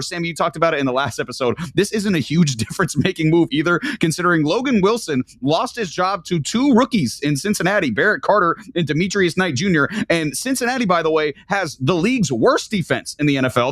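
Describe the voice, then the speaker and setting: A man hosting a casual sports chat, running through the news in quick, breezy rundowns and handing off to his co-host. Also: a little high, fairly bright tone, no room sound.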